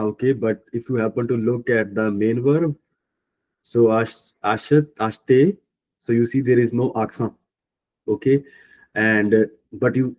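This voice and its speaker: A man with an Indian English accent teaching a French class online, speaking slowly and patiently, thinking aloud and correcting himself. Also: medium pitch, warm tone, low-quality recording. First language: Punjabi. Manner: slow, patient, thinking aloud with many fillers; self-correcting mid-sentence.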